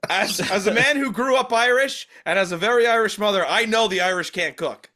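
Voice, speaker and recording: A man's voice: high voice, fairly quick, sharp tone. A man hosting a podcast, chatting casually and joking about his own song. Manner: laughing, joking explanations. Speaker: podcast host and songwriter. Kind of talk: casual chat.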